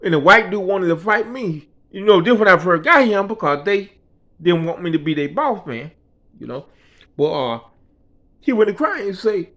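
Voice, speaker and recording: A man's voice: high voice, moderate pace. A man telling a personal story in a casual, slangy and profane way, acting out the voices of the people in it. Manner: animated, slangy and profane, acts out quoted voices.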